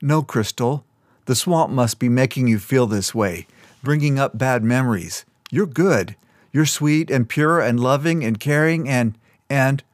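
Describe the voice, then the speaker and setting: A man voicing a tender, protective young male leader who comforts someone gently but firmly. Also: medium pitch, a little slow, dry recording, studio quality, lightly acted. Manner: gentle, firm reassurance.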